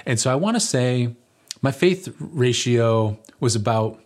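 A man's voice: mid-range voice, lively intonation, a little slow. A man preaching a conversational sermon as pastor, earnest and building to emphatic peaks, with touches of light humor.

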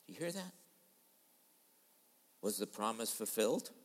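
A man preaching a sermon in a dramatic style, switching between loud and soft as he acts out quoted voices. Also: lowish voice, sing-song, measured pace, big-room sound. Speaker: pastor. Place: large church hall.

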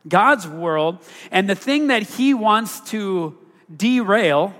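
A man's voice: high-pitched, fairly bright tone, in a large hall. A man preaching a sermon to a congregation, talking through scripture in a conversational way and asking the listeners rhetorical questions. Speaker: pastor.

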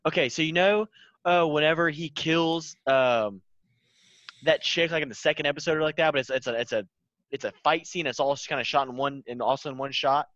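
A man's voice: on the high side, fairly quick, dry recording. Hesitant young man on a dull mic. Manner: hesitant, many fillers, trails off quietly. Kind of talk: casual chat.

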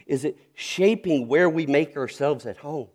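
A man's voice: a little high, unhurried, darkish tone. A middle-aged man from North Carolina, a pastor preaching a sermon with storytelling and earnest questions.

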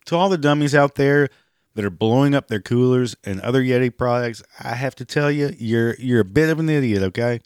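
A hoarse man with a raspy voice, giving sarcastic, profane commentary and mocking the people he talks about. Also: medium pitch, brisk, a little mellow, no echo, clean studio sound. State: hoarse, clearing throat and coughing. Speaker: commentary vlogger. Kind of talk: ranting commentary.

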